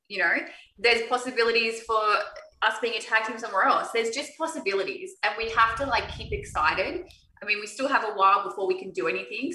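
An Australian woman talks through an interview in a bright, forward voice, circling back over her points in a loose, upbeat ramble. She sits a little away from the mic, and the room adds a noticeable echo. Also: a little high. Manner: upbeat, rambling, repeats herself. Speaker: guest wrestler. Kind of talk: casual interview chat. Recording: echoey, distant from the mic.

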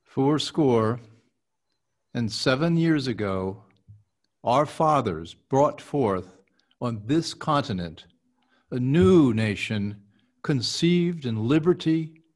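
A man hosting a coaching session, reciting a historic speech slowly and deliberately with emphatic consonants. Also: medium pitch. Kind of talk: slow deliberate recitation and casual chat.

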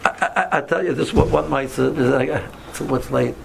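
Creaky-voiced man telling a lively story. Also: mid-range voice, brisk, noisy background. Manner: animated, repeats himself, acts out quotes; mixes in Hebrew and Yiddish words. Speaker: teacher. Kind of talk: casual storytelling to a small group.

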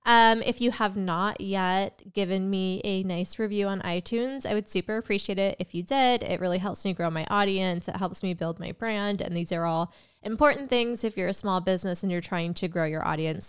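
A young woman with a smooth, medium-pitched voice hosts her astrology podcast alone. She's a tarot reader who chats casually and rambles, with fillers, self-interruptions and a slight cough.

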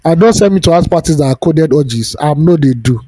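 A Nigerian man co-hosts a podcast, trading laid-back, joking banter. His voice is mellow and pitched a little high for a man, and the recording is dry and close. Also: lively intonation, brisk, no room sound. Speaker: podcast co-host. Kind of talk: casual chat.

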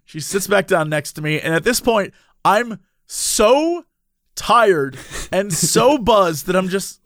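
A man with a notably high voice, recorded close and dry with no room sound. He tells his story in an animated way, laughing often and slipping into the voices of the people in it. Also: takes it slowly, no room sound. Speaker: podcast host telling a story. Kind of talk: casual storytelling chat.

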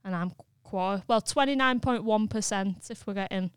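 A woman co-hosts a chatty podcast and throws in questions. Her voice is smooth and clear at a middle pitch. The sound is dry and close. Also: normal speed, no echo. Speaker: podcast co-host. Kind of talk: casual podcast chat.

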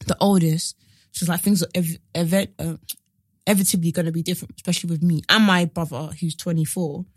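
A woman, co-hosting a casual podcast and telling stories with lively acted-out voices. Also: quick pace, dry recording, studio quality. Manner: animated storytelling, acts out quoted voices with big pitch jumps. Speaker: podcast co-host. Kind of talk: casual chat.

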